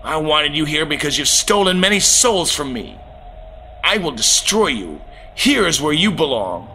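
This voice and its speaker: Slow, low, menacing Satan in a spoken testimony, drawing out each taunt with a cruel, mocking edge, as a man puts him on. A sneering male demon lord who lingers over every word. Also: sing-song, bright, forceful tone, slight background noise, full character voice.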